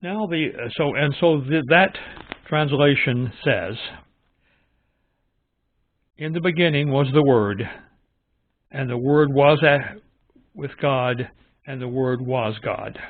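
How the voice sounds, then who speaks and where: A man hosting his own channel, giving casual, opinionated commentary in a musing, halting way. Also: medium pitch. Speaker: channel host reviewing Bible translations. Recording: dry, tinny phone-like audio.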